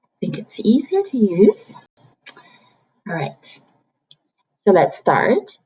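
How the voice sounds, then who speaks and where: This online Chinese teacher, a woman from China who grew up speaking Mandarin, has a medium-pitched, mellow voice with a breathy edge and wildly swooping pitch. She works slowly, repeating each sound patiently for her learners, and the audio is lo-fi.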